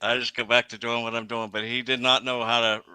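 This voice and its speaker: A man telling racetrack anecdotes in a casual chat, halting and restarting often. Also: medium pitch, level tone, pushed and bright, smooth, dry recording.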